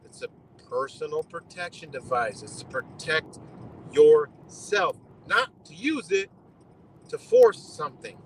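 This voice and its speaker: A man's voice: fairly high pitch, very animated, a little slow, slight background noise, poor audio. A man on a live stream giving blunt, profane commentary, lecturing his audience in a loose, heated rant.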